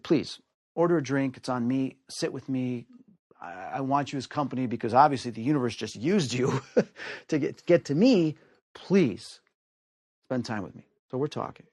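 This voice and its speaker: A man from the United States telling a personal story in an animated way, acting out the voices of the people in it. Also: no echo, clean studio sound. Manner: acts out quoted voices with big pitch swings. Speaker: storyteller guest.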